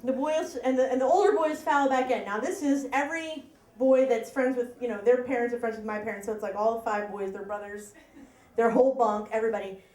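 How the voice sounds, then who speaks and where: Woman, high voice, live story slam teller, chatty and joking at herself, echoey hall. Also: brisk, dark tone. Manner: chatty, self-mocking, laughs at her own lines. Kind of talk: personal storytelling on stage. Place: live event room with audience. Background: audience laughter.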